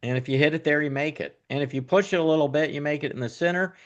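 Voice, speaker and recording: A man's voice: a little high, fast, lo-fi sound. A man hosting a golf podcast who sets up his questions with long explanations in casual conversation. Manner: leads with long setups, then asks questions. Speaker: podcast host.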